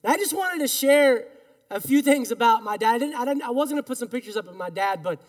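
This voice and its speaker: Under the long reverb of a large hall, a male pastor preaches a sermon in a church sanctuary, leading his congregation in call-and-response. His earnest, emphatic voice is very high-pitched, animated and fast.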